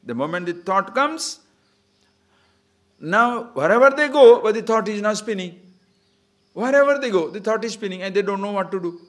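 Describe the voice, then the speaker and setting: A man teaching scripture as a swami in a spiritual discourse, teasing his listeners with rhetorical questions and chanting short verses slowly. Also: high voice, lively intonation, fairly bright tone. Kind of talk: spiritual discourse to a live audience.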